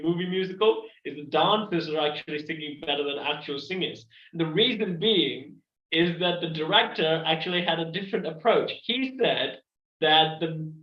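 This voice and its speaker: A man in casual chat, explaining something at length with rambling restarts, recorded with roomy, dull lo-fi sound. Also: fairly high pitch.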